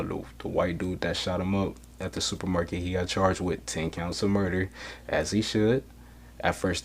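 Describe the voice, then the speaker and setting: A man hosting a solo podcast, talking bluntly with heavy swearing, getting loud when worked up. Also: sits low. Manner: blunt, profane street talk. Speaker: podcast host.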